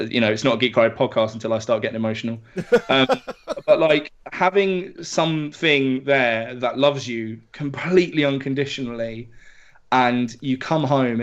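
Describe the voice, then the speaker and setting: A young man chatting as a podcast co-host, animated and sweary as he gushes about his dog. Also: medium pitch. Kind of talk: casual chat. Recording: dull lo-fi podcast audio.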